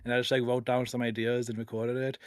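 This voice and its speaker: Halting, chuckling male podcast host. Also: mid-range voice, flat delivery, clean tone, no echo, clean studio sound. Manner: halting, filler-heavy, chuckling. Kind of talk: casual podcast interview.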